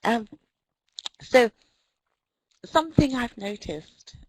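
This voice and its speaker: Speaking slowly in an animated, somewhat high voice with a breathy edge, this British teacher trainer from Britain delivers a wry webinar lecture on language full of anecdotes and frequent ums. She is middle-aged, and the low-quality recording has no echo.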